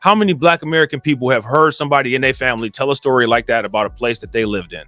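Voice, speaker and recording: A man from Cleveland talking in a casual, rambling commentary monologue. He often repeats filler phrases and gets more animated when indignant. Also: medium pitch, racing, no echo, faint music behind. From Cleveland, Ohio. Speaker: commentary channel host.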